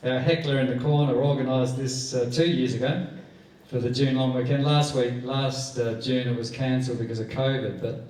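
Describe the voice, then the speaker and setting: An Australian man in his sixties tells stand-up poker stories in a loose, rambling way. His voice sits at an ordinary pitch. The room is very echoey and he sounds well away from the mic. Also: a little mellow. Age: 60s. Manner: rambling anecdotal storytelling, jumps up high to act out quoted people. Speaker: stand-up comedian. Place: club function room. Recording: echoey room heard from a distance.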